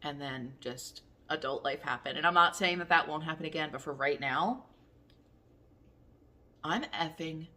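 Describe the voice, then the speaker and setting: A woman's voice: low-pitched, pushed and bright. A woman in her thirties chatting casually to her camera in a rambling, candid way, with the odd curse. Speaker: vlogger.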